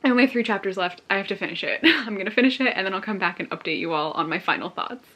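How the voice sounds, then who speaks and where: Emotional gushing young woman, breathy. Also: mid-range voice, lively intonation, racing, highs cut off. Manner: gushing, emotional, laughing often. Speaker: book vlogger. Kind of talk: casual reading reaction vlog.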